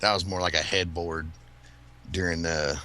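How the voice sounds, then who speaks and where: A man's voice: low voice, steady tone, moderate pace, bright, forceful tone. A man in casual podcast chat, telling rambling, profane stories and laughing often. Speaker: podcast host.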